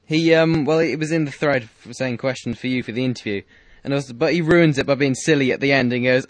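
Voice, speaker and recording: A man's voice: medium pitch, fast talker, dry recording. Hesitant teenage British boy. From Britain. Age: teenager, seventeen. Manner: hesitant, filler-heavy. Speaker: interviewer, fan. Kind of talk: casual interview chat.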